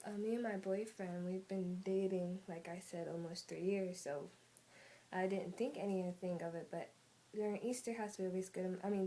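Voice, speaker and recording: A woman's voice: fairly low pitch, dark tone, slight background noise, low-quality recording. A teenage girl telling a story in a casual vlog, rambling with lots of "like" and "um" fillers. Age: teens. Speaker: vlogger. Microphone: phone camera.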